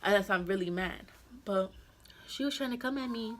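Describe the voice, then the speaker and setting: A young adult woman vlogger retelling a story in a chatty, animated way, full of slang and filler words. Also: medium pitch, normal speed, slight background noise. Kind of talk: casual storytime vlog.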